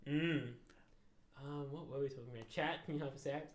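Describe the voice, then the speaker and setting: A man's voice: fairly high pitch, a little fast. Young man giving brief laughing replies. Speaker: guest. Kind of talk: casual chat.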